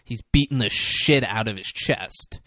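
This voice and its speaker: A man's voice: on the low side, pushed and bright, dry recording, studio quality. A man co-hosting a podcast, casually retelling a film scene by scene, laughing often and acting out the characters' lines. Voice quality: laughs often, acts out lines in quick voices. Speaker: podcast co-host recapping a movie. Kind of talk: casual chat.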